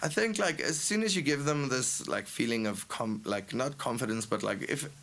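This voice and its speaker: A young man with a South African accent, a band frontman telling a story on a podcast, animated and laughing, acting out what people said. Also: medium pitch, moderate pace. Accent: South African English. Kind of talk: casual storytelling chat.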